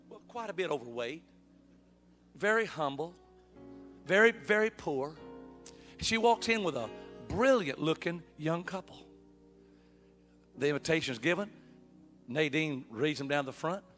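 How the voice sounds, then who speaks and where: A man's voice: fairly high pitch, a bit bright. An older man, a bishop, preaching a sermon in a folksy storytelling manner. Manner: folksy storyteller, acts out dialogue. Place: church sanctuary.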